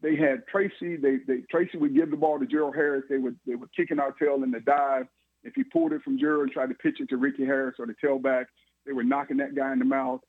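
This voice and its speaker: Man, fifties, animated storyteller, dry phone-line sound. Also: medium pitch, fast, no echo. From Georgia, USA. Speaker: guest, former football player. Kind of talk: storytelling interview.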